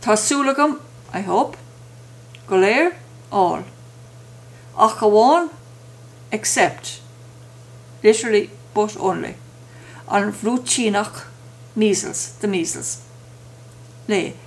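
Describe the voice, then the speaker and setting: A woman teaching a language lesson, saying each phrase and then its translation with slow, careful pronunciation. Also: medium pitch, lively intonation. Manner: slow, careful enunciation with pauses between phrases.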